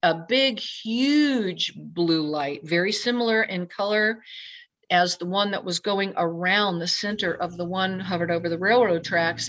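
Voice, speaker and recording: A woman guest telling a personal story in a lively way, acting out her own past thoughts as quotes. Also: mid-range voice. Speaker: podcast guest. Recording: dull lo-fi sound.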